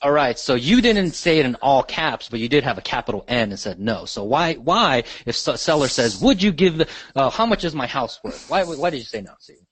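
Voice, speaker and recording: A man's voice: mid-range voice, lively intonation, fairly quick, a bit bright, husky, no echo. A man leading a live online sales training, asking the audience questions and checking in often. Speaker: real estate sales trainer.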